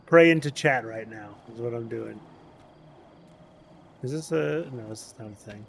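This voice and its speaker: A man streaming a video game, telling a story in casual chat as an animated rant. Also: medium pitch, normal speed, creaky, a little hiss or hum.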